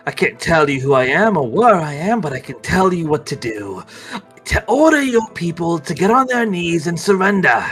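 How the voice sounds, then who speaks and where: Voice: mid-range voice, big pitch swings, normal speed, faint music behind. A game master doing a gloating villain lord. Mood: menacing. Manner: menacing, mocking, erupts into shouts.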